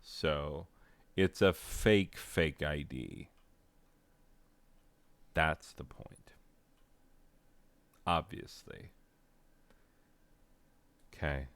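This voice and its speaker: A man's voice: very deep voice, very slow, pauses often, a bit bright, no echo. A man reviewing a game in casual, tangential commentary, often losing his train of thought and making self-deprecating asides.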